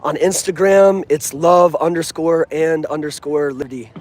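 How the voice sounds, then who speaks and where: A man's voice: fairly high pitch, moderate pace, a little mellow. A young man talking earnestly and casually about his football team, using street slang, recorded outdoors near a stadium. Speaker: sports fan vlogger. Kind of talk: casual fan vlog.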